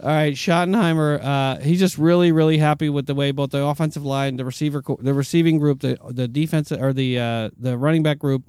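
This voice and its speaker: Higher-voiced man, smooth and dry. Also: fairly even intonation, a little mellow, no echo. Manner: reads news items haltingly, with many fillers and repeats. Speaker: sports podcast host reading team news. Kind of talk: casual sports chat.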